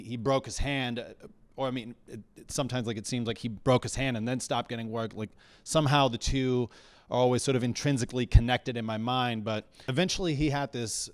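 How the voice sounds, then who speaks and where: On a dry recording, a medium-pitched man does stand-up in a small comedy bar. He rambles through wry stories, stopping often to correct himself partway through sentences.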